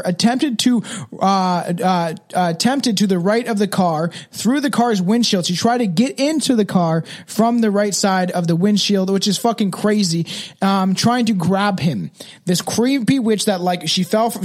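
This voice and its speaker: A man's voice: high voice, a little mellow. A young man hosting a podcast, telling spooky stories in loose, rambling, profane casual chat. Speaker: podcast host.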